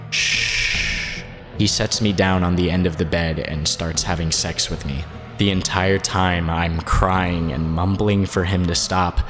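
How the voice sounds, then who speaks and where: A man narrating a documentary, reading a first-person written statement aloud in a steady, measured way. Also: sits low. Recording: long reverb, faint background music.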